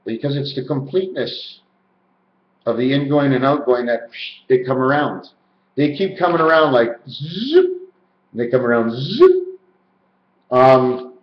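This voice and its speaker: A man rambling alone to the camera about numbers and letters, chanting and stretching words in a sing-song way. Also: medium pitch. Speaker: video maker explaining number and letter theories. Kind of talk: rambling solo monologue. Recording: roomy, dull lo-fi home recording.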